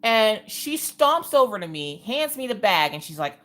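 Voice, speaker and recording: A woman's voice: medium pitch, normal speed. A woman hosting a craft live stream, telling a family story with sarcasm and acting out the people in it. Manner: animated, sarcastic, acts out the people in her stories.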